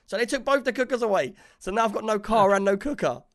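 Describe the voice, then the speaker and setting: Speaking fast in a high voice, a man spins a long, animated story during casual conversation, acting out the lines of the people he argued with.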